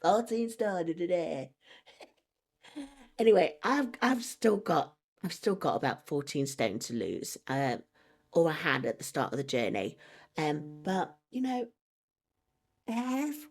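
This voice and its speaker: A woman with a husky, slightly breathy voice pitched on the low side talks to camera in a relaxed vlog. She is chatty and wanders off on tangents as she goes. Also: unhurried. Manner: chatty and digressive, laughing often. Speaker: vlogger. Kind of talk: casual chat to camera.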